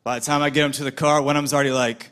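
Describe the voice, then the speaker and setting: A man performing a stand-up comedy set on a TV studio stage, telling his bits in an animated, playful way. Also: medium pitch, very fast, noisy background.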